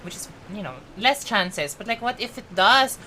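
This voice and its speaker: A woman's voice: mid-range voice, lively intonation, moderate pace, pushed and bright, slight background noise. A woman with a Filipino accent chatting casually on a live game stream, talkative and emotional, switching between English and Tagalog.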